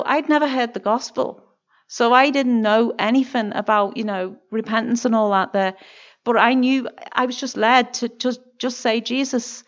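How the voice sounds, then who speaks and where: Northern irish woman telling her testimony, earnest and halting, bit high voice, dull lo-fi sound. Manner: earnest, emotional, halting with many restarts. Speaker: church member giving testimony. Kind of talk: personal testimony. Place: church.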